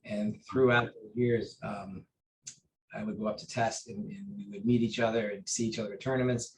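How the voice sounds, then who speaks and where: A lower-voiced man tells a long personal story in an interview, speaking earnestly and haltingly. He often stops and restarts with fillers, and a faint hiss sits behind him. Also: steady tone, poor audio. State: briefly choked up. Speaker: interview guest, taekwondo master. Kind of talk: conversational storytelling.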